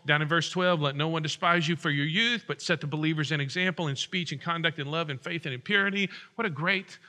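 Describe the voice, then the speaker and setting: Bright-voiced male pastor preaching. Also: a little high. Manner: conversational, joking asides to the congregation. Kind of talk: sermon.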